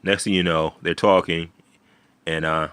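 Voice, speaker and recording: A man with a deep voice and a forceful, bright edge talks through a TV episode. He rambles, restarts sentences and swears casually. The recording is dry, with no room sound. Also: little pitch movement, a little slow, clean tone, no echo. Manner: rambling, many fillers and restarts, swears freely. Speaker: video host.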